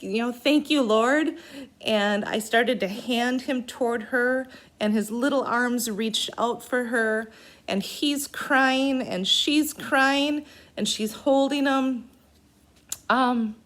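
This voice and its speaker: A woman recounting a personal event in an unscripted way, halting and earnest, with pauses. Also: fairly high pitch.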